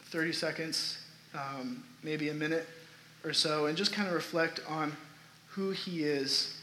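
A man's voice: on the high side, sharp tone, a little hiss or hum. A man preaching a sermon to his congregation in a church sanctuary, talking earnestly and building emphasis. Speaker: pastor. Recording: roomy echoey sanctuary sound.

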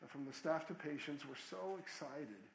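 A man's voice: fairly high pitch, normal speed, creaky, echoey room, poor audio. A man, a pastor, earnestly telling a true story in a sermon, with small restarts.

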